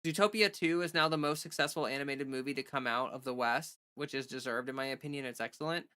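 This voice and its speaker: A woman's voice: extremely low pitch, fast talker, sharp tone, clean tone. A woman livestreamer in casual, rambling chat who thinks aloud and thanks viewers for donations.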